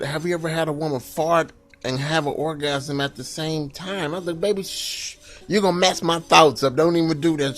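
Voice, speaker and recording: A man doing a stand-up comedy set, telling loose, rambling stories full of "you know" and jumping into a shrill falsetto wail for panicked bits.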